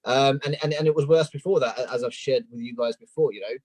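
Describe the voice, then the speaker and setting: A man's voice: medium pitch, fast, darkish tone, no room sound, rough recording. Earnest London man telling his story. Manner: earnest, open, reflective, with many ums. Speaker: interview guest. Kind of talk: candid personal story in a live video interview.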